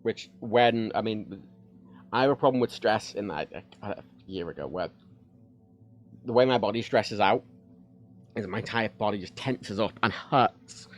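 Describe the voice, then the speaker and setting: A man's voice: lowish voice, unhurried, long pauses, lo-fi sound. A man chatting frankly on a home livestream, rambling with many fillers and restarts. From United Kingdom. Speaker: streamer. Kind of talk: casual livestream chat. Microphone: desk microphone.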